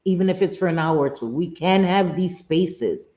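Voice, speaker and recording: A woman's voice: fairly low pitch, expressive, moderate pace, mellow. Woman, live stream host, casual chat, laughs a lot, casual swearing, bits of Spanish, slightly dull lo-fi audio.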